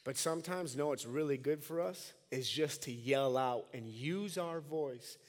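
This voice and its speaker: Man, Minnesotan accent, thirties, sermon, soft to shouting, higher voice, long hall reverb. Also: unhurried. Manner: swings from quiet, low talk to shouted cries. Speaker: pastor.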